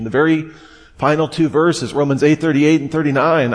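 A man giving expository Bible teaching, explaining a passage step by step and reading scripture aloud in a measured way. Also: a little high, steady tone.

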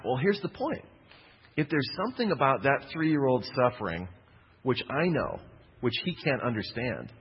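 A man's voice: medium pitch, breathy edge, in a large hall, dull audio. A man preaching a sermon, telling a personal story in a conversational way with jokey asides.

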